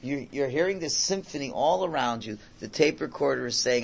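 A man teaching a religious class in a lively way, swinging between loud exclamations and quiet asides. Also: mid-range voice, brisk, vocal fry, hardly any pauses, a little hiss or hum. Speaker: Torah teacher.

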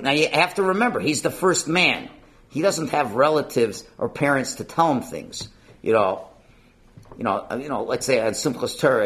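Man teaching torah, lively up and down voice, casual and chatty, lots of questions. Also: mid-range voice. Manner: animated, conversational, rhetorical questions. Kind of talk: informal lesson.

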